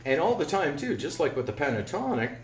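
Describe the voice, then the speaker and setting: A man's voice: on the high side, big pitch swings, a little fast, slight background noise. A man giving a casual guitar lesson at home, talking bluntly and rambling, humming notes as he plays. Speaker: guitar teacher. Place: home garage. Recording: roomy, dull lo-fi with loud guitar. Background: electric guitar playing.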